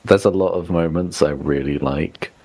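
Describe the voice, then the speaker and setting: A man with a deep voice chats on a podcast about a game he played. He is relaxed and refers to his notes as he goes. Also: normal speed, husky. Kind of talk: casual chat.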